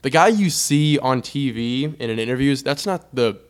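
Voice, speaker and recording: A young man in casual sports-podcast chat, his voice sitting in a middle register. He talks in an animated, joking way, piling up asides and restarting his thoughts as he goes. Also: mid-range voice, normal speed, smooth. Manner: animated, laughing, trailing off into asides. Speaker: podcast co-host.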